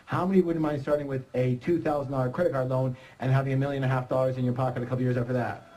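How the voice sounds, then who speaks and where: A middle-aged man giving an energetic motivational seminar talk, joking and quizzing the audience. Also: mid-range voice, racing, a little hiss or hum, rough recording. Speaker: seminar speaker.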